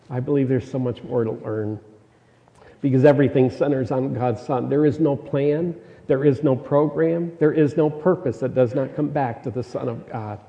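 Middle-aged male preacher, a little high, gravelly, emphatic and repetitive; dull recording in a reverberant hall. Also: dark tone. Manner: conversational, emphatic, repeats key phrases. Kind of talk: sermon.

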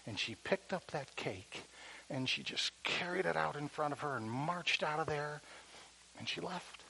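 A man preaching, telling a story in an animated way that drops to a hush at tender moments. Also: on the high side, measured pace, gravelly, slight background noise, low-quality recording. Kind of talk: sermon storytelling.

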